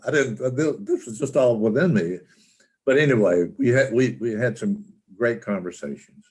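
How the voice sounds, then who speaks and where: An older man telling a personal story as an interview guest over a video call, halting and restarting often. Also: mid-range voice, husky. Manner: halting, with frequent restarts and fillers.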